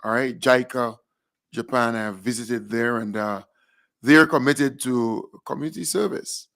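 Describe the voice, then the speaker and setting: Laid back guy cohosting a live chat show, mid voice, talks slow with little pauses. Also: mid-range voice, vocal fry, fairly bright tone. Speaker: co-host.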